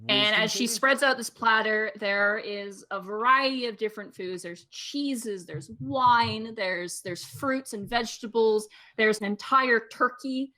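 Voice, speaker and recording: A woman's voice: on the high side, unhurried, hardly any pauses, sharp tone. A woman running a tabletop game as game master, narrating scenes in vivid detail and giggling at her own descriptions.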